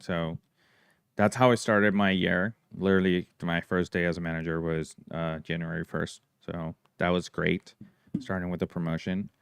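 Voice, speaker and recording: Podcast co-host, man, deep and smooth, casual teasing banter. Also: little pitch movement, normal speed, no echo. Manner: joking, teasing, swears freely. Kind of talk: casual chat.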